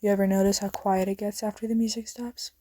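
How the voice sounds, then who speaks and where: A woman's voice: fairly even intonation, normal speed, darkish tone, natural voice. Woman voicing a teasing cocky young drummer guy.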